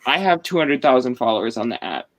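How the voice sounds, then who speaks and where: A man's voice: medium pitch, very animated, fast talker, poor audio. A man hosting a casual live-stream chat over a video call, explaining things at length with many fillers. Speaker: host.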